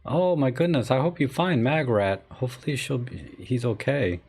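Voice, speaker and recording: A man's voice: medium pitch, lively intonation, moderate pace, creaky, darkish tone, breathy edge. A middle-aged man hosting a casual live photography chat, rambling and telling stories with many fillers. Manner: rambling, chatty storytelling with fillers. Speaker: live stream host.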